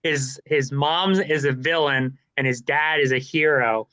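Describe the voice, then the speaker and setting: A man's voice: mid-range voice, unhurried, hardly any pauses, pushed and bright, no echo. A young man co-hosting a casual chat, telling stories animatedly and acting out voices in his anecdotes. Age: young adult. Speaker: student co-host.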